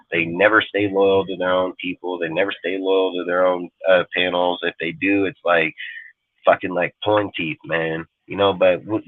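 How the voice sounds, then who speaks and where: A man's voice: sits low, no room sound. A male host of a live sports talk show, rambling bluntly and swearing heavily in a profane livestream rant. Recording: dry, phone-like lo-fi audio.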